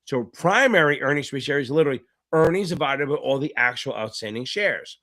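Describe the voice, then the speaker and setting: A man's voice: medium pitch, expressive, fairly quick, sharp tone. A man tutoring for a finance exam in a live online Q&A, chatty and joking, swearing freely and reading out viewer names between explanations.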